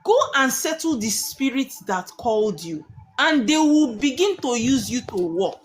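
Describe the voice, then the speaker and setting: A woman's voice: a little high, animated, measured pace. A woman, hosting a live stream and teaching with emphatic rhetorical questions that she answers herself.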